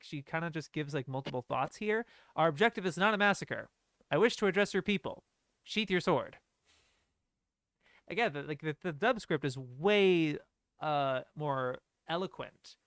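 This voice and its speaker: Animated young man doing stream commentary. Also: a little high, no echo. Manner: animated, laughing, quotes lines aloud. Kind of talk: casual film-commentary stream.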